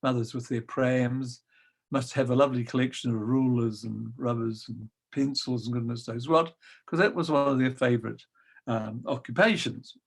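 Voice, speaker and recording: An older man reminiscing about his teaching days in a gentle, wry storytelling manner with frequent pauses. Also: medium pitch, fairly even intonation, creaky, breathy edge. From New Zealand. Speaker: guest storyteller. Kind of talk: reminiscing anecdote.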